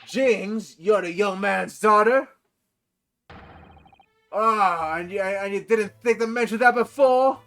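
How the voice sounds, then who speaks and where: Brief: gruff Scottish governor, voiced by a man, brusque, high-pitched, faint music under. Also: takes it slowly, pauses often, a bit bright, heavily acted. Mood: blustering. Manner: brusque, blustering. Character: gruff blustering male prison governor, middle-aged. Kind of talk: reading game dialogue aloud.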